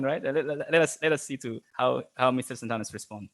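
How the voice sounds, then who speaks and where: A man teaching an online English class, halting, with many fillers and restarts and frequent chuckles. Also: fairly high pitch, expressive, a bit bright.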